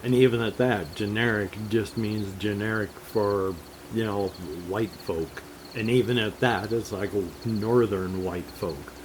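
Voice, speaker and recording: An older man talking in a slow, rambling, casual monologue about games, drifting from topic to topic and chuckling now and then. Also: fairly low pitch, fairly even intonation, a little hiss or hum. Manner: slow, meandering, jumps between topics with chuckles. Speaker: gaming vlogger.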